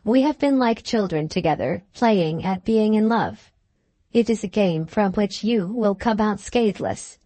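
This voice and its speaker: A woman's voice: mid-range voice, animated, measured pace, dark tone, no echo. Clara, a resolute young Victorian woman, as a narrator reads her. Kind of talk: audiobook dialogue reading.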